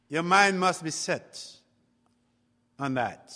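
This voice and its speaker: A man preaching a sermon, speaking slowly and deliberately and rising into loud exclamations. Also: fairly high pitch, lively intonation, long reverb tail. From outside Canada.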